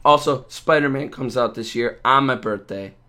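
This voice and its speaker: A man co-hosting a casual podcast, hoarse and rough-voiced from being sick, rambling in a loose, joking way. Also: medium pitch, normal speed, bright, forceful tone. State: hoarse from a cold. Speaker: podcast co-host.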